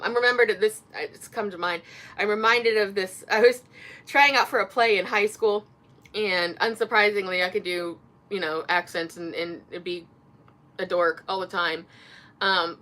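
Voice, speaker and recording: A woman with an Indiana accent talks casually to her camera, wandering through her thoughts with frequent fillers and restarts. Her voice is bright and forward, sitting at an ordinary middle pitch for a woman. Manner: rambling, many fillers and restarts. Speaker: author and vlogger. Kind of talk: casual chat.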